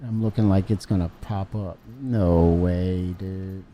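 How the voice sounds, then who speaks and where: A man's voice: deep voice, steady tone, normal speed, hardly any pauses, mellow, slight background noise. A man streaming a video game and commenting live, grumbling in mock anger and laughing at himself. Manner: wry, mock-angry grumbling with self-mocking laughs.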